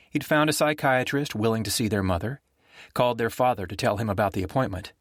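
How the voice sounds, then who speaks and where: A man reading a suspense novel aloud as an audiobook narrator, in a steady, even storytelling manner. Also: on the low side, dry recording, clean studio sound.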